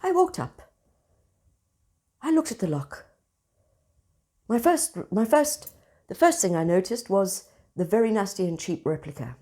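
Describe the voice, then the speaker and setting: A woman, hosting and telling everyday stories in a casual, expressive monologue. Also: medium pitch, unhurried, pauses often. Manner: animated, expressive storyteller. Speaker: spiritual centre host.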